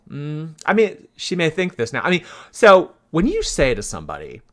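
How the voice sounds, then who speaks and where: A man hosting a chatty commentary vlog, talking in a playful, animated way with jokey asides. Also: a little high, moderate pace, few pauses. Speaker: YouTube commentary host.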